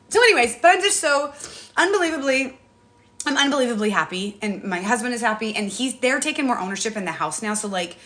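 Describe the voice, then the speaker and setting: A woman in her thirties chatting casually on a morning phone livestream from her apartment, rambling, animated and laughing often. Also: a little high, a little fast. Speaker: TikTok live streamer. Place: apartment above a garage.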